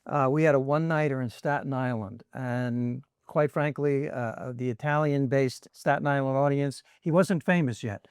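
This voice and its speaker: A man's voice: mid-range voice, clean tone, dry recording, studio quality. A man hosting a podcast, chatting casually and laughing along with his guests. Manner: chatty, quick to laugh and join in. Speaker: podcast host.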